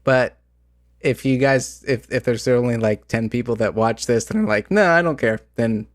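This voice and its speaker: A man's voice: medium pitch, fairly even intonation, moderate pace, darkish tone, dry recording, clean studio sound. A man hosting a podcast as game master, chatting casually with many fillers and restarts, his voice slightly worn. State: voice slightly going out. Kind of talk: casual chat about tabletop games.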